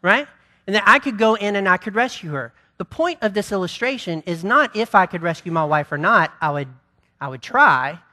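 A male pastor giving a sermon, swinging from impassioned preaching to a quieter, conversational delivery. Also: sits high, lively intonation, normal speed.

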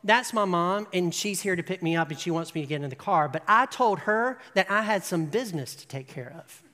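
A cheeky, defiant schoolboy talks back to the bullies, as a preacher acts him out. The voice is mid-pitched and echoes around a big hall. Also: expressive, brisk, bright, forceful tone. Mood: cocky. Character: cheeky boy standing up to a bully.

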